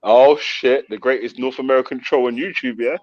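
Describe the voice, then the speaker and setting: A man's voice: mid-range voice, a little fast, darkish tone, lo-fi sound. A man hosting a casual livestream in slang, laughing and talking to his chat and callers. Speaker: livestream host.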